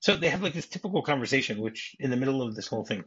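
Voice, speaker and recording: A man's voice: mid-range voice, lively intonation, rapid-fire, fairly bright tone, breathy edge. A man on a podcast as a guest, casually recounting a film script in a rambling way, with frequent restarts, acting out the quoted lines. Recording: dull lo-fi podcast audio.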